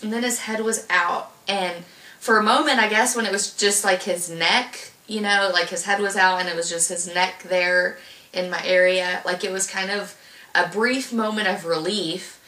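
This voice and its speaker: A woman's voice: mid-range voice, steady tone, normal speed, pushed and bright, reverberant, far from the mic. A young woman casually telling a long personal story, rambling with lots of fillers and restarts. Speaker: vlogger telling her birth story.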